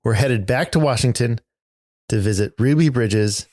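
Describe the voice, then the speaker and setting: A man's voice: medium pitch, darkish tone, no echo, clean studio sound. Earnest male podcast host narrating. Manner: measured and earnest. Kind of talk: scripted narration.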